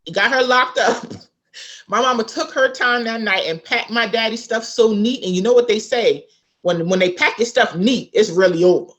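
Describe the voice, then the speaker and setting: A fairly high-pitched woman speaks at a moderate pace; she's an author guest from South Carolina. In an informal interview, she narrates a family story with gusto and performs the quoted voices.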